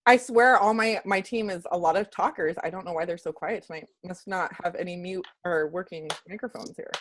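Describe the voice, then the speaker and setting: A woman's voice: lowish voice, a little fast. Chatty woman leading a group call, laughs easily, speaks openly about feelings. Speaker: team leader hosting a call. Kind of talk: casual team call chat.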